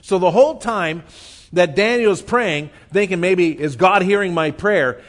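A man preaching a sermon, reading scripture and explaining it earnestly, slowing down to stress his points. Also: high voice. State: tearful, choked up. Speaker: pastor.

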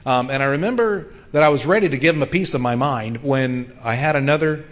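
A man's voice: medium pitch, brisk. Earnest middle-aged male pastor preaching. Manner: earnest, conversational preaching with frequent ums. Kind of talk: sermon.

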